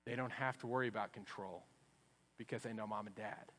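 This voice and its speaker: Dynamic Texan preacher in a reverberant hall. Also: male voice, on the low side, steady tone, fairly quick. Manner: dynamic preaching, swings from hushed to loud. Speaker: pastor. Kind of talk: sermon. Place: church sanctuary.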